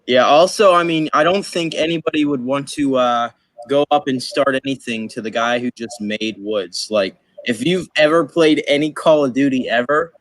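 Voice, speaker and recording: A man's voice: medium pitch, fairly bright tone, dry recording, low-quality recording. Joking male co-host, dry sound. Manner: joking, quick asides. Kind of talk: casual chat.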